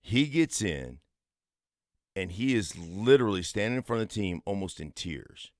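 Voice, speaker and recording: A man's voice: lowish voice, very animated, moderate pace, no room sound. A man in his fifties, a former football player and radio co-host, talking sports with emphatic conviction in a studio. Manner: emphatic, tells stories with conviction.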